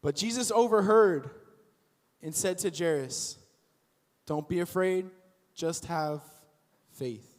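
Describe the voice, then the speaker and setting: High-voiced young man preaching in a reverberant hall. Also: takes it slowly, pauses often. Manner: casual and animated, acts out the story characters. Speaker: youth pastor. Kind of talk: youth sermon. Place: church auditorium.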